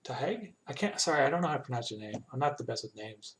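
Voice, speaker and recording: A man in a home studio talks through his work in an easygoing, halting way, dropping fillers and starting sentences over. His voice sits at an ordinary middle pitch. Faint keyboard typing and mouse clicks carry under him. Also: a little hiss or hum. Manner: relaxed, halting, many fillers and restarts. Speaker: animator streaming his work. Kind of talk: casual live-stream chat while working.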